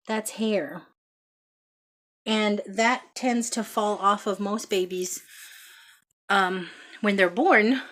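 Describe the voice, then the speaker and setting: A woman telling a heartfelt story about her son's birth in a casual vlog, with many pauses and ums. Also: mid-range voice, a bit bright. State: out of breath. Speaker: vlogger, mother.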